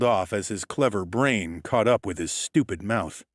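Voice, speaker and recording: A man's voice: low voice, moderate pace, no room sound, studio quality. A man narrating a first-person audiobook with a wry, hardboiled delivery.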